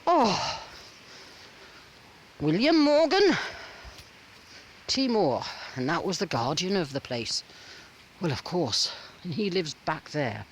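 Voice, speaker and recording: A woman vlogging casually while walking around a rural old house, chatty and excitable, gasping and exclaiming often. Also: fairly low pitch, takes it slowly, long pauses, a little hiss or hum. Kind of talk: casual walking vlog chat. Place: outdoors at a rural old house, partly inside.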